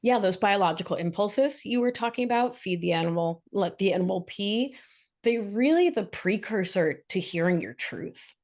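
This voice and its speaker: A woman guest in an interview, talking expressively about her practice and telling animated stories. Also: mid-range voice, normal speed. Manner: expressive, animated storytelling with acted quotes. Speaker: guest, somatic practitioner and author. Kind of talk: casual interview chat.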